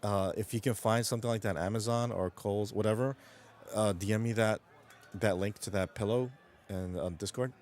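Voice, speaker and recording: Casting: rambling, profane streamer guy from New York, low-ish voice, casual chat with chat. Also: fairly even intonation, moderate pace, a little mellow, slight background noise. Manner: profane, rambling, restarts sentences. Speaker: livestream host.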